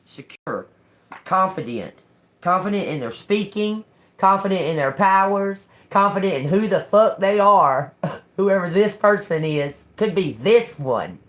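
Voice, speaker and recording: An older woman giving a live-stream tarot reading in a slow, profane, confrontational manner. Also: deep voice. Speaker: tarot reader.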